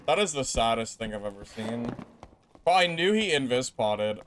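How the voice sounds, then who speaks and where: A young man commenting casually while playing a game, swinging between loud laughing disbelief and low exasperated muttering. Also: lively intonation, moderate pace, a little hiss or hum. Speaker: game streamer.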